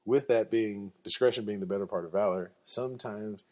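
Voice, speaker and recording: A man's voice: on the low side, brisk, dark tone. A man hosting a podcast, telling a story in a casual, slangy, rambling way. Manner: laid-back, slangy, rambling with restarts and fillers. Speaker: podcast host.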